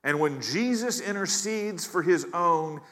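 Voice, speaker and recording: A man's voice: sits high, lively intonation, a little slow, pushed and bright. A man preaching a sermon as pastor, earnest, often repeating words as he builds emphasis. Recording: long hall reverb.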